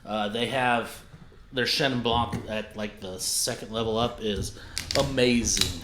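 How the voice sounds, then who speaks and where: Man, bright voice, casual wine tasting talk, chatty, echoey room. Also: lowish voice, steady tone, a little slow, a little hiss or hum. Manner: chatty, laughs a lot, describes tasting notes. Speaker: wine reviewer host.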